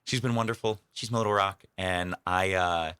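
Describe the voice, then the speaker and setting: A young comedian tells his stories in a radio studio, rambling and self-deprecating. His voice sits very low but carries a forceful, bright edge. The sound is dry and close, with almost no room around it. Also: fairly even intonation, normal speed, clear, resonant tone, dry recording. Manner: chatty, self-deprecating, rambling with fillers and laughs. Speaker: comedian, radio interview guest. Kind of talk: casual interview storytelling.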